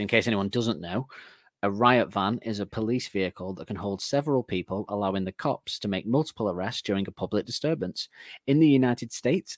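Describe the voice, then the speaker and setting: Male podcast co-host, low voice, rambling and self-deprecating, laughs a lot, dry close mic. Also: no room sound. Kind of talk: casual music podcast chat.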